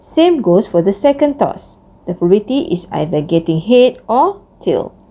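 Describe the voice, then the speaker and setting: In a recorded math lecture, a woman walks through each step slowly, her pitch lively as she explains.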